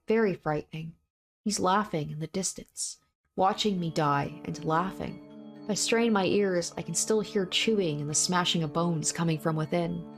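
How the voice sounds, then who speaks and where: In a natural, fairly low voice, a woman reads aloud from a visual novel, voicing a young man's first-person narration of his own bloody fight. The inner monologue is grim and repetitive.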